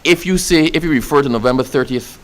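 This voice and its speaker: A man's voice: medium pitch, quick pace, low-quality recording. A man with a Barbadian accent answering a reporter at a press event, speaking with growing pride and emphatic repetition. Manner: passionate, building to proud emphatic declarations.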